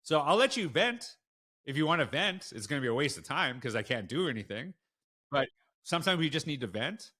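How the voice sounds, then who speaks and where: Animated, emphatic man telling a story. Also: a little high, fairly quick. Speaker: school leader guest. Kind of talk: conversational storytelling.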